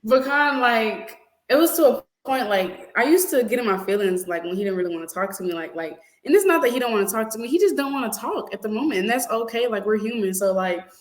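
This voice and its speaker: A young adult woman co-hosting a casual chat, lively and laughing often, with plenty of fillers. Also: fairly high pitch, quick pace, roomy sound, low-quality recording. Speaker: podcast co-host.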